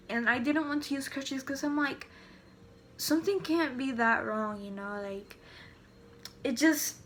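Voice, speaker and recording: A woman's voice: on the high side, fairly bright tone, slight background noise. A teenage girl telling a personal story to camera in a casual, rambling way, full of fillers and restarts. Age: teens. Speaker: vlogger.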